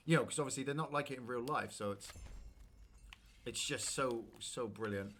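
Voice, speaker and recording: Man, game streamer, chatty, rambling, sudden shouts, middle pitch. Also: moderate pace, slight background noise. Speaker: streamer playing a video game. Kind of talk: casual chat while gaming.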